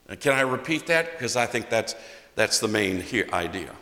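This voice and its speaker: A man's voice: fairly low pitch, animated, normal speed, bright, forceful tone. A man preaching a sermon as a pastor, emphatic and repeating key phrases for stress. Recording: echoey hall, long reverb.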